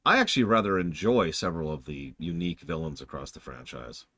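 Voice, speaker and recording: A man in his forties giving chatty, animated gaming commentary as a streamer, humming along at times. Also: sits low, a little fast, no echo. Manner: animated, chatty, hums game music.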